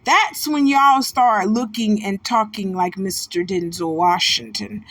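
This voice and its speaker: A woman hosting a casual celebrity gossip commentary, animated and preachy, calling her listeners baby. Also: mid-range voice, no room sound. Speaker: host.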